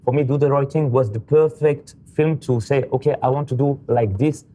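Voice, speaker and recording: Man, French accent, young adult, earnest, halting, mellow tone, roundtable talk. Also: medium pitch, steady tone. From France. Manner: earnest, halting, restarts often. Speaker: filmmaker and actor. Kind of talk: roundtable discussion.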